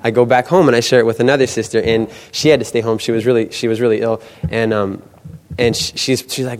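A young man giving an animated testimony, acting out the voices in his stories. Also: medium pitch, quick pace. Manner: animated storytelling, acts out quoted voices. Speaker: student book canvasser. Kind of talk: testimony talk. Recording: long hall reverb.

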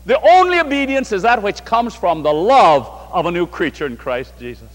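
Big-room sound surrounds this man's high, animated voice as he preaches at normal speed to a large congregation in a hall. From New York State, he delivers his sermon fervently, with rising and falling cadence.

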